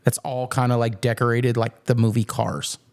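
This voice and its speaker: A man's voice: mid-range voice, flat delivery, moderate pace, a little mellow. A young man hosting a podcast, telling a rambling, profane story with plenty of swearing and laughter. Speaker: podcast host. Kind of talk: casual chat, storytelling.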